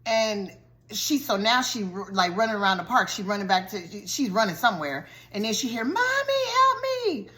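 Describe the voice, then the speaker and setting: A woman vlogger recapping a TV show's plot in a lively, colloquial storytelling style, full of slangy asides. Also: mid-range voice, fairly quick. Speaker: vlogger reviewing a TV show.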